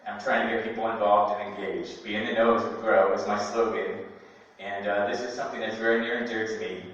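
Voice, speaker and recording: A man's voice: lowish voice, level tone, a bit bright. A man giving an earnest, heartfelt public comment at a meeting, speaking with a few stumbles. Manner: earnest, heartfelt, slightly halting. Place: large echoey meeting hall. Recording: distant, muffled, echoey hall.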